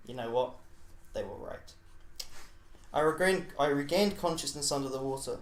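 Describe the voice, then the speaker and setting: A man of middle pitch reads his own story at a measured, even storybook pace. The sound is roomy and echoey. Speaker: podcast co-host reading his own story. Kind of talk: scripted narration read aloud. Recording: echoey room mic.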